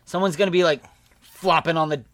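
A man's voice: fairly high pitch, steady tone, fairly quick, fairly bright tone, no echo. A young man teasing his friends in a casual podcast chat. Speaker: podcast co-host.

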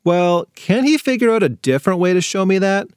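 A man's voice: high-pitched, animated, brisk, clear, resonant tone, no room sound, studio quality, voice pushed up. A man voicing an exasperated young girl, the bossy older sister in a storybook for kids.

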